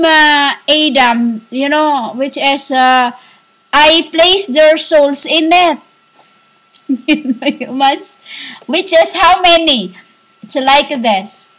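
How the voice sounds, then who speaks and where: A woman with a high voice speaks slowly in a rambling spiritual monologue as a self-styled teacher. She stops and restarts often, fills pauses with hesitations and now and then laughs softly. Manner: halting, heavy with fillers and restarts; often breaks into soft laughter.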